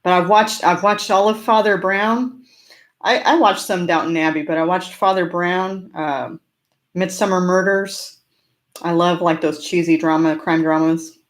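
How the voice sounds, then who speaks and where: A homesteading channel host from California speaks a little slowly in a lowish voice with a steady tone. She has a slight rural American twang and stays chatty and upbeat while answering chat in a casual live-stream Q&A, laughing often between comments.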